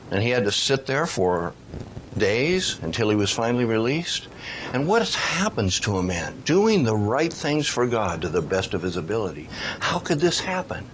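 A man's voice: mid-range voice, a little hiss or hum. A man preaching a sermon, reading scripture aloud and pressing his points with rising, questioning emphasis.

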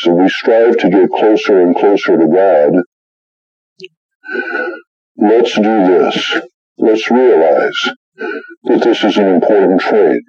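A man's voice: on the low side, no room sound, muffled recording. A middle-aged man preaching a sermon, telling stories and acting out the voices in them. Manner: animated storytelling, acts out quoted voices. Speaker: pastor.

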